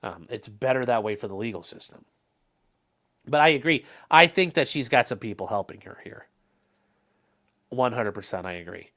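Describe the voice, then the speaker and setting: A man's voice: mid-range voice, expressive, normal speed, long pauses, fairly bright tone. A young man hosting a casual livestream, rambling through legal talk and viewer comments with plenty of fillers and restarts.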